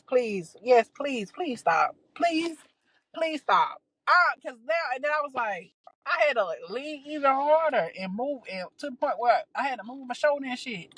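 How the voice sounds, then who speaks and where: Profane, animated woman telling a story. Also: high voice, slightly rough, poor audio. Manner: animated, profane, exasperated storytelling with frequent restarts. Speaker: podcast host. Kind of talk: casual storytelling.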